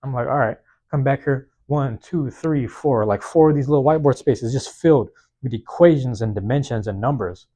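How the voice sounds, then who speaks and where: Slangy, slightly hoarse male podcast host. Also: mid-range voice, moderate pace, warm tone. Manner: casual slangy talk, repeats key phrases for emphasis. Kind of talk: solo motivational monologue. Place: small university back room. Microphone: plug-in microphone on a phone.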